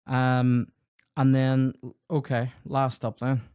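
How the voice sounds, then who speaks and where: A man's voice: mid-range voice, slow, clean tone, no room sound. Guy rambling thru sweary stories on a podcast, dry close sound. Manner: rambling, sweary, animated anecdotes with acted-out dialogue. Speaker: comedian podcast host. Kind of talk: casual storytelling chat.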